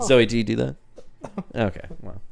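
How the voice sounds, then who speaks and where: A man's voice: mid-range voice, normal speed, vocal fry. A man hosting a casual podcast chat, rambling and laughing often. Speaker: podcast host.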